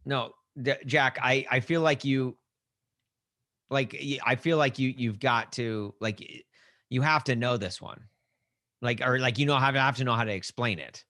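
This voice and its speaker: Male podcast co-host, mid pitch, jokey and rambling, dry booth sound. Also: moderate pace, pushed and bright, no room sound. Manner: joking, teasing, rambling with restarts. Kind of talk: casual sports podcast chat.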